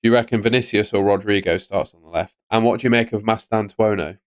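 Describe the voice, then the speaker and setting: Chatty man, low dry voice. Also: steady tone, fast, no room sound. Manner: chatty, answers chat messages. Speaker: fantasy football streamer. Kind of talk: casual live-stream commentary. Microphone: studio microphone on stand.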